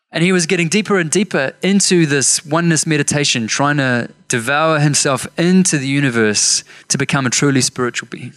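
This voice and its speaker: A man's voice: mid-range voice, a bit bright. A man preaching a sermon through personal stories, acting out the voices of people he quotes, with self-mocking asides. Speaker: pastor. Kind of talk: storytelling sermon.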